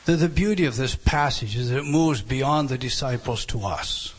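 A man's voice: medium pitch, normal speed, husky. A man giving a verse-by-verse Bible lesson, emphatic, with chatty asides to his class. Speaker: Bible teacher.

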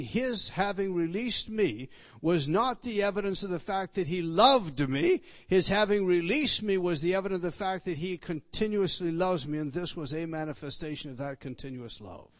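A man's voice: sits high, animated, moderate pace, no echo. A man preaching an expository sermon, emphatic, repeating words and turning to the listeners with questions. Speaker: pastor.

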